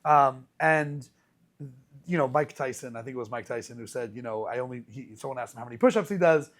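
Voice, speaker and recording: A man hosting a podcast as a rabbi, telling stories in a casual, animated way with many restarts. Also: medium pitch, a little fast. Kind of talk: casual conversational storytelling.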